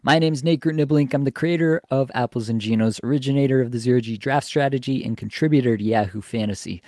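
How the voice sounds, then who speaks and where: A man hosting a casual podcast, talking in a relaxed, chatty way with lots of fillers. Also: mid-range voice, fast talker, no echo, studio quality. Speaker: podcast host. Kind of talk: casual fantasy hockey podcast chat.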